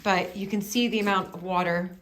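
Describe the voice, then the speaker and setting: A woman's voice: mid-range voice, fairly even intonation, fairly quick, a bit bright, a little hiss or hum. American woman, vlog host, emotional, rambling, apologetic, cellar, handheld camera. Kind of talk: casual vlog talk. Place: manor house cellar. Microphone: handheld camera she is filming with.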